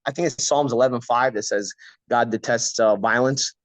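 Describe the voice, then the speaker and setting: A man's voice: medium pitch, fairly even intonation, moderate pace, no echo. A man hosting a casual boxing talk show, stuffed up with a cold, talking bluntly and repeating himself. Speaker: podcast host.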